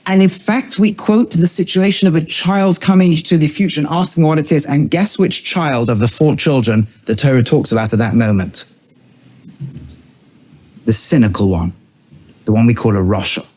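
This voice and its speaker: A middle-aged man, a rabbi, giving a teaching lecture, swinging between high emphatic bursts and low quiet asides, and weaving in Hebrew terms he then translates. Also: normal speed. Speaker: rabbi and educator.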